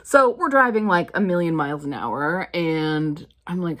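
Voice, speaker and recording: A woman with a low-pitched voice gives a recorded lecture. She tells a long story and acts out the people in it as she quotes them. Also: expressive, a little slow, few pauses, fairly bright tone.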